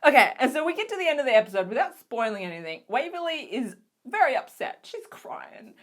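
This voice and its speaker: A young woman with an Australian accent chats straight to her viewers in a casual recap vlog. Her voice sits a little high, and she gushes, giggles and trips over fillers as her excitement runs ahead of her. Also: brisk. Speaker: vlogger.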